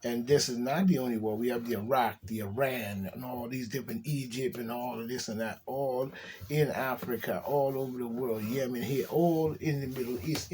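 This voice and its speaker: A man's voice: mid-range voice, dark tone, slight background noise. A man giving rambling, conspiratorial commentary, often asking if the listener follows.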